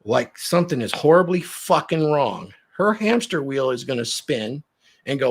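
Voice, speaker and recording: A man with a husky, slightly rough voice talks through relationship advice in a podcast conversation. He is animated and keeps slipping into little acted-out scenes to make his point. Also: medium pitch, moderate pace. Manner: animated, acts out quoted lines. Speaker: dating coach. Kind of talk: podcast chat.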